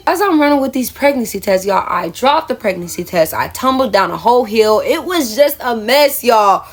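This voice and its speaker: A woman's voice: a little high, animated, normal speed. A young adult woman telling a personal story in a casual vlog, chatty and self-mocking, often calling her viewers y'all. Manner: chatty, addresses viewers as y'all, laughs at herself. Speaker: storyteller vlogger.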